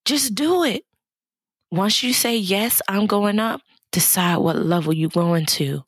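A woman's voice: mid-range voice, unhurried, slightly rough, no room sound. A woman hosting a motivational podcast, talking with exuberant, preacher-like energy and calling listeners baby and child. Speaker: podcast host and life coach.

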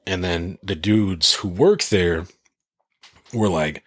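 A man in casual conversation, telling stories in an animated, profane way. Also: low-pitched, slow pace, slightly rough, no echo, clean studio sound. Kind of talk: casual chat.

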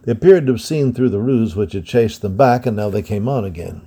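Male storybook reader, gravelly and dark, steady measured narration. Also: lowish voice. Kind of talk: reading a historical adventure novel aloud.

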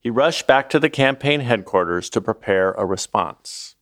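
A man narrating a documentary as its host, in a measured, scripted delivery. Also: on the low side, expressive, a bit bright, no room sound, studio quality.

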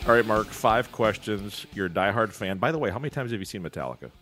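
Low-voiced male co-host, wisecracking banter. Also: animated, fast talker, a bit bright, soft background music. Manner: teasing, wisecracking. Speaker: podcast co-host. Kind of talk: casual podcast chat.

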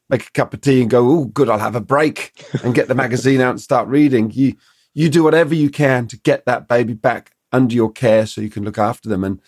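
On a podcast, a middle-aged dog trainer lays out his thinking in a medium-pitched voice, animatedly voicing imagined lines from dogs and owners. The audio is studio quality without echo.

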